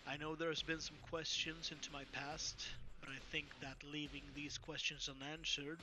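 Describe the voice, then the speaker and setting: A man from Sweden with a Swedish accent calls in to a show and tells his story in a formal, deadpan way. His voice sits a little high for a man. A clear hiss of noise runs under the recording. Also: normal speed, hardly any pauses. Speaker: caller.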